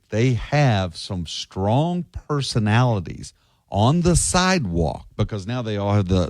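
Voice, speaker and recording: A man co-hosting a local radio talk show, telling stories in an animated, chatty way. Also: on the low side, no room sound, clean studio sound. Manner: animated storyteller, does street-vendor impressions. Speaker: radio co-host. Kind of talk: casual radio chat. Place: radio studio. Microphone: studio mic.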